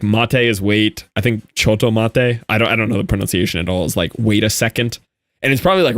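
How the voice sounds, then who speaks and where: A young man streaming a game and chatting casually, telling an animated story with frequent laughs and quick asides. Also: on the low side, no room sound. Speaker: Minecraft streamer. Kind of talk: casual live-stream chat with viewers.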